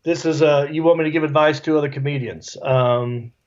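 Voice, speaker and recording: A middle-aged man, a comedian, telling stories on a video call in a relaxed, joking way. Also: on the high side, a little fast. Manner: laid-back, jokey storytelling with put-on voices. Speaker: guest comedian. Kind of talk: casual video-call interview. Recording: dull lo-fi call audio.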